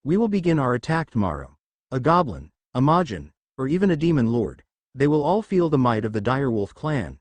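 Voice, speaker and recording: A man's voice: mid-range voice, big pitch swings, a little fast, no echo, lightly acted. A man doing a commanding direwolf alpha. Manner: commanding, declarative.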